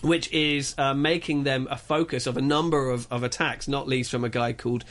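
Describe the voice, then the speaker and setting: A man reviewing films on a radio show, telling the story in an animated, rambling way with many restarts. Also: mid-range voice, normal speed, slight background noise. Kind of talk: casual radio chat.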